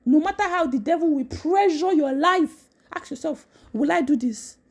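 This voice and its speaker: Woman, casual devotional talk, high voice, gravelly, repeats herself, laughs a lot. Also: normal speed. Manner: animated, repeats phrases, laughs often. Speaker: Christian content creator.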